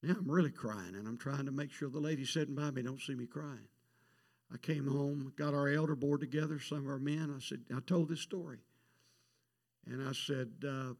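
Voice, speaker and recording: A middle-aged man preaching a missions sermon, telling a story and swinging from quiet asides to loud emphatic peaks. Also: medium pitch, normal speed. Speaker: pastor.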